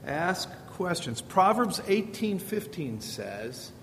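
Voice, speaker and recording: A middle-aged man with big pitch swings and a slightly bright voice takes his time as he gives an informal, Bible-based lesson on parenting. He speaks conversationally and keeps repeating rhetorical questions. The hall is reverberant, with a faint rumble underneath.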